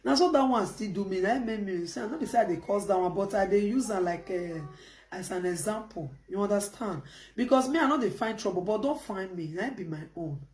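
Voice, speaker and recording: She has a medium pitch, a brisk delivery, and a Nigerian Pidgin English accent. Hosting a casual live stream, she laughs a lot and stays lively, switching between quiet phone chat and loud outbursts.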